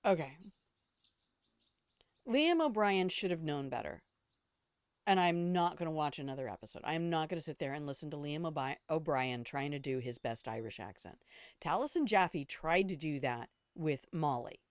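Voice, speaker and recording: A woman's voice: deep voice, lively intonation, normal speed, smooth, no echo, clean studio sound. Blunt, foul-mouthed older woman streamer. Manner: blunt, opinionated, swears freely; rambling asides and restarts. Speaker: game streamer. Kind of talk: casual gameplay commentary.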